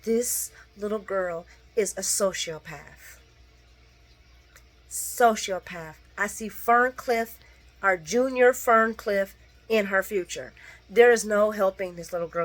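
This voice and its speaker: Sassy woman doing a soap recap. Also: measured pace. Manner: sassy, blunt, talks to viewers as "girl" and "guys"; acts out characters' lines with big pitch jumps. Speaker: soap opera recap vlogger. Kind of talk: casual late-night recap chat.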